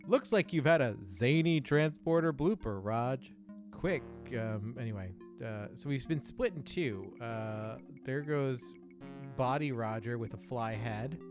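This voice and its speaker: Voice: medium pitch, expressive, measured pace, over music. A let's play host giving casual gameplay commentary in a rambling, hesitant way, swearing now and then.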